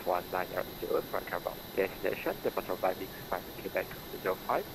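A man with a French accent working as an air traffic controller, giving hesitant, filler-filled radio clearances. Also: deep voice, animated. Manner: hesitant, full of fillers, quick delivery. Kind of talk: radio ATC phraseology.

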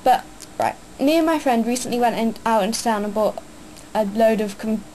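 A woman's voice: fairly high pitch, normal speed, dark tone, slight background noise, low-quality recording. Hyper, rambling young woman vlogging. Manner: hyper, rambling, many fillers. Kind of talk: casual vlog chat.

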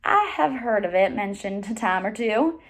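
A woman reading aloud, voicing a wise, kindly old woman who speaks slowly. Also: mid-range voice, animated. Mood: amused.

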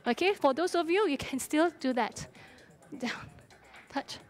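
High-voiced, breathless woman fitness coach. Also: animated, unhurried. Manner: encouraging, counts down and cheers on. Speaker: fitness instructor. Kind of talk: live workout coaching. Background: faint music.

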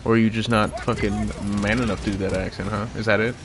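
A young man streaming a game with viewers, chatting casually, cursing often and shouting when excited. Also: on the low side, fast talker. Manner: profane, joking, bursts of excited shouting. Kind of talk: casual gaming livestream chat.

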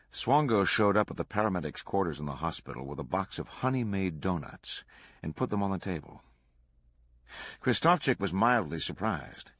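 A man reading a true crime book aloud to a book club in a steady, measured way. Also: sits low, breathy edge, dry recording.

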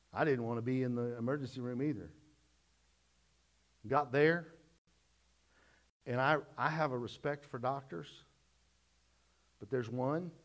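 A middle-aged man preaching a sermon, telling a personal story in a folksy way and swinging from loud to hushed. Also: mid-range voice. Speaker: pastor.

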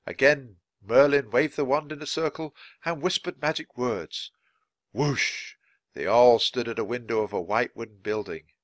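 A man reading a children's book aloud at natural speed for English learners, clear and expressive. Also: medium pitch, moderate pace, few pauses, no room sound. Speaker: storybook reader.

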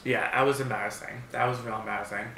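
A man's voice: mid-range voice, fairly even intonation, fast, noisy background. A man of about thirty chatting casually on his vlog, telling stories with lots of fillers and restarts. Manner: rambling storyteller, many restarts and fillers. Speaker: mukbang vlogger. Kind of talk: casual chat. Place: home, seated eating at a table. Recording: roomy echo.

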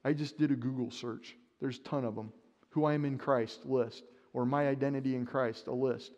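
A man's voice: medium pitch, fairly even intonation, normal speed, darkish tone. A man preaching a sermon, telling a story with animation and acting out his own panic. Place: church sanctuary. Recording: long church reverb.

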